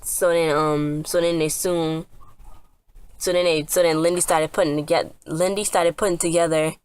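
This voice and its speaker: A woman's voice: low voice, fairly even intonation, normal speed, darkish tone, smooth. A woman casually recapping a TV episode, rambling with lots of fillers and restarts. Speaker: TV episode reviewer.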